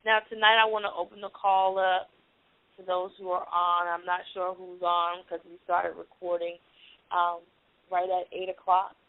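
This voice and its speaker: A woman's voice: on the low side, flat delivery, moderate pace, no room sound. A young adult woman hosting a motivational teleconference, earnest and emphatic, often repeating her key lines. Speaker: teleconference host, life coach. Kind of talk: motivational talk on a conference call. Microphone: phone. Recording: tinny phone line.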